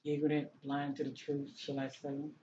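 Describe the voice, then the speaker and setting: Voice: medium pitch, completely flat delivery, moderate pace, mellow. Tarot reader who keeps asking "okay?". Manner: keeps checking in with "okay?" and repeats phrases. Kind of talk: casual tarot card reading. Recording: dull lo-fi sound with faint noise.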